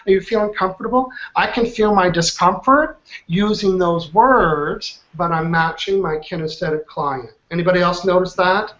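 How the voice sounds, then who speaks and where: A man's voice: high-pitched, unhurried, few pauses, a bit bright. A man leading an online coaching class, upbeat and chatty, often checking in with his students. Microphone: video call. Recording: muffled online call audio.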